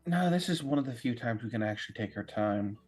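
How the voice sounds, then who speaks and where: A man playing a tabletop game, calm and measured. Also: mid-range voice, faint music behind. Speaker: player.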